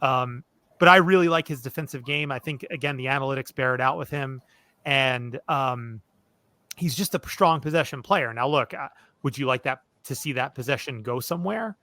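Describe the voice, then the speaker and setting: A man hosting a sports podcast, talking things through in an easygoing, unscripted way. His voice is bright and forceful. The sound is dry and close, with no room in it. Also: medium pitch, normal speed, no echo. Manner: loose and conversational, leaning on fillers like "look" and "you know". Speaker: podcast host. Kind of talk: casual sports podcast chat.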